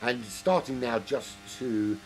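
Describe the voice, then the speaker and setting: A man doing solo live race commentary, rambling and jokey, getting excited at incidents, his voice worn from a long weekend of talking. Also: medium pitch, slow pace, slight background noise. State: losing his voice. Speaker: sim racing commentator.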